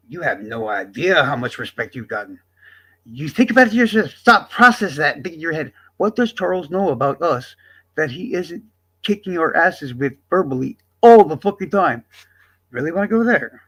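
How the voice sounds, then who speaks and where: Husky-voiced man ranting at his audience. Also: sits high, very animated, moderate pace, fairly bright tone. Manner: profane, combative, addressing chat directly. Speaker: streamer. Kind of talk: ranting livestream monologue.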